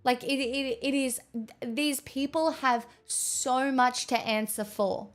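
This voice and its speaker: A woman's voice: high-pitched, steady tone, slow pace, faint music behind. A woman streamer giving heated, swearing commentary on news stories. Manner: angry, swearing, mocking sarcastic.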